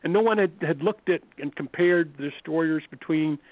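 Hoarse man on a tinny phone line. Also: on the high side, no echo. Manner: halting, repeats and restarts words. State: hoarse from a cold. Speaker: author and radio guest. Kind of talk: radio phone interview.

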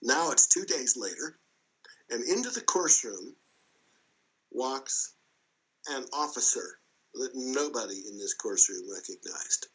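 A man as an interview guest, casually telling a story in a lively way and chuckling as he goes. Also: medium pitch, takes it slowly, pauses often, rough recording.

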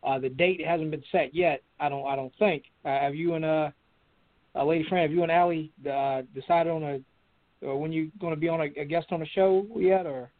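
Easygoing male call-in host, higher voice, tinny phone-line sound. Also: steady tone. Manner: easygoing, repeats phone numbers slowly. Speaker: show host. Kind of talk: hosting a call-in show.

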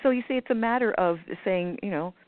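A woman with a mid-range voice talks briskly as a manifestation guest, and the tinny phone recording is dry with no room sound. She explains things casually and at length, stumbling through fillers and restarts while sometimes mimicking other people's voices.

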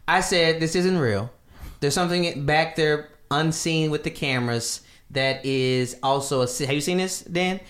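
A man's voice: on the high side, normal speed, fairly bright tone. A man in his thirties co-hosting a podcast, talking in a laid-back, slangy, rambling way. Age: 30s. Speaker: podcast co-host. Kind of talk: casual comedic chat.

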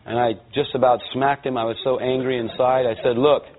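A man's voice: medium pitch, brisk, slight background noise. Man telling his testimony over a tinny line. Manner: lively storyteller who acts out voices and quotes. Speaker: guest speaker giving a personal testimony. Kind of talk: storytelling testimony before a church audience. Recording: tinny, narrow-band sound.

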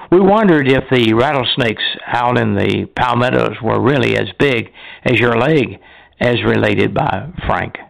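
An older man, a retired airline pilot, reading his memoir aloud in a measured, deliberate way with a few small slips. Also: medium pitch, creaky, rough recording.

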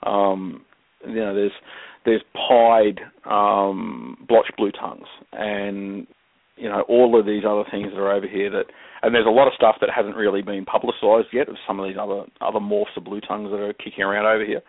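An Australian man as the guest, chatting casually and jokily with drawn-out pauses. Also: lowish voice, little pitch movement, no room sound. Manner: laid-back, jokey, chuckling, drawn-out um pauses. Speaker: guest reptile expert. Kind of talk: casual podcast chat. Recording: phone-like call line, dry.

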